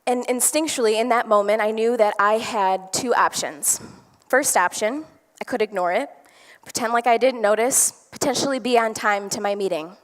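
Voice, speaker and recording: A woman's voice: on the high side, moderate pace. A woman telling an enthusiastic, chatty story as a motivational speaker on stage before a live audience. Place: stage in a large hall. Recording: long hall reverb.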